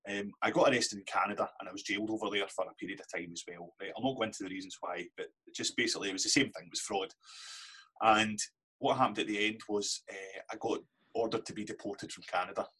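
A man's voice: on the low side, fairly even intonation, fast talker, a bit bright, husky. A Scottish man telling candid stories as a podcast guest, swearing casually. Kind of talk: casual storytelling interview.

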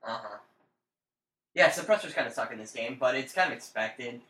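On a casual gaming podcast, a young male co-host taunts and dares his friend over and over, swearing heavily. His medium-pitched voice is animated and sharp at a normal speed, with a roomy echo around it.

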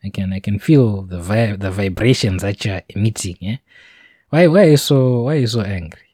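A man's voice: fairly low pitch, moderate pace, mellow, dry recording, studio quality, natural voice. A man playing God as a casual, chummy, all-knowing figure who speaks in slang during an informal retelling.

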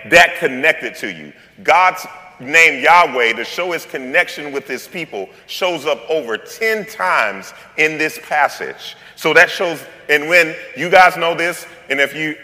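A man's voice: medium pitch, pushed and bright, long reverb tail. A male pastor preaching a sermon in a playful, conversational way, with slang and joking asides.

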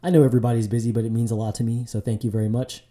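A man's voice: mid-range voice, little pitch movement, rapid-fire, warm tone. A man hosting his own podcast, talking solo in a casual, loose way, with fillers and restarts. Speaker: podcast host.

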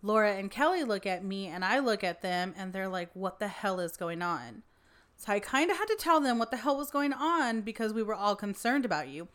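A woman in casual conversation, telling a lively story with swearing and acted-out quotes. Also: medium pitch, brisk. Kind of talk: casual chat.

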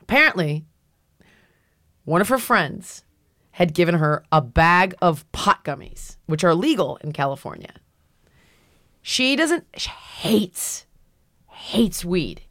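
Animated storytelling woman, dry sound. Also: on the low side, slow, long pauses, dry recording. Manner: animated storyteller, acts out quotes. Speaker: podcast host. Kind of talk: storytelling in casual chat.

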